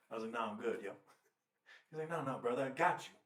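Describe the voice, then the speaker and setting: A man co-hosting a podcast, telling animated, swearing stories and acting out the people in them. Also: mid-range voice, moderate pace, far from the mic. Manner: animated, swearing, acts out quotes. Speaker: podcast co-host. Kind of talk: casual storytelling chat. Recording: roomy, off-mic sound.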